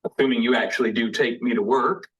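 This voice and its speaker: An actor playing a young man in a sitcom, speaking quick everyday conversational lines with a husky voice. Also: medium pitch, steady tone, dull audio, lightly acted. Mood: casual. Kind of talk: sitcom dialogue.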